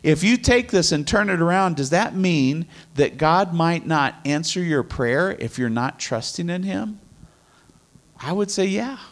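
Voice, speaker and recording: A man's voice: on the high side, animated, measured pace. A middle-aged man teaching from the Bible in an earnest, conversational way, repeating his key phrases. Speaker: preacher.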